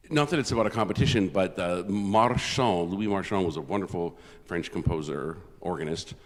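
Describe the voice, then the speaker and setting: A man from Canada, a concert organist, giving a chatty, self-deprecating spoken introduction with frequent restarts. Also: sits low. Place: large church. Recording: long church reverb.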